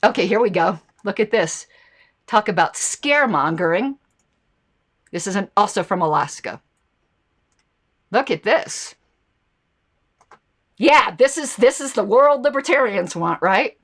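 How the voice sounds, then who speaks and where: A woman's voice: medium pitch, animated, unhurried, long pauses. A woman hosting a political commentary show, talking casually and reacting to viewer comments and ads. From United States.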